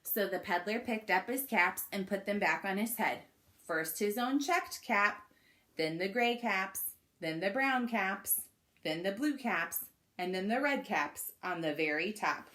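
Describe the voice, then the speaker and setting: A woman's voice: mid-range voice, animated, a little slow, a bit bright, slight background noise. A woman reading a children's picture book aloud, coaxing young listeners to join in with questions and actions. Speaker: children's story reader.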